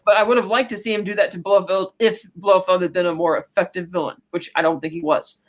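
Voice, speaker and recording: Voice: medium pitch, fairly even intonation. Rambling podcast host recapping a film. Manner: rambling, retells scenes with quick quoted asides.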